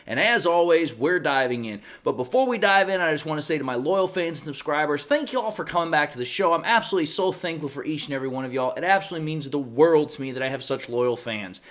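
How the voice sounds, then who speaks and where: A man's voice: a little high, expressive, fast, few pauses, a bit bright. A man hosting his own sports commentary show, talking casually and at length in a folksy way. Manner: folksy, talkative, says y'all and folks. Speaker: host.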